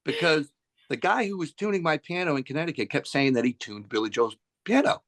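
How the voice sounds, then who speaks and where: A middle-aged male musician, interviewed, tells casual stories in a fairly high, fairly quick voice. His anecdotes are animated, and he acts out the voices of the people he quotes.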